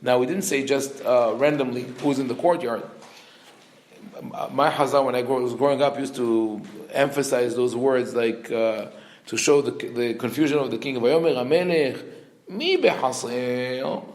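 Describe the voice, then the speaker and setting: A man teaches a Torah class as a rabbi. His voice sits at a medium pitch, and he reads Hebrew verses fast before explaining them. He acts out the characters' lines with lively intonation, and the room gives the recording a noticeable echo. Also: a little hiss or hum. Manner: explains verses, reading Hebrew quickly then translating.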